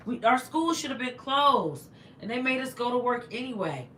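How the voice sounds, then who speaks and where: A woman's voice: on the high side, sing-song, normal speed, fairly bright tone, a little hiss or hum. A woman hosting a casual livestream, reading viewer comments and thanking them over and over, sounding a little congested. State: slightly congested. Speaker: livestream host. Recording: echoey room.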